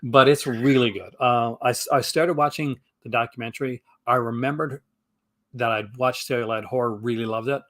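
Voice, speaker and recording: A Canadian man talks as a guest on a live stream, eager and rambling, full of "uh" and "like" and false starts. His voice sits at an ordinary middle pitch. The sound is dry and close, with no room around it. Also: fairly even intonation, normal speed, a bit bright, no room sound. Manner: enthusiastic, rambling with many fillers and restarts. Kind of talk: casual chat.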